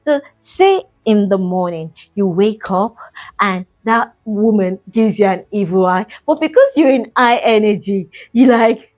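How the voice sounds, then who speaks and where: A woman's voice: medium pitch, animated, moderate pace, darkish tone. A middle-aged woman giving a casual mindset coaching talk, chatty and encouraging, addressing the listener as "sis".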